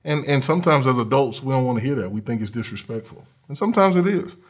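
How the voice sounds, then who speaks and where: A man's voice: mid-range voice, expressive, fast. A man who coaches college football, talking earnestly and plainly in an interview, with frequent ums and uhs. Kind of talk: conversational interview.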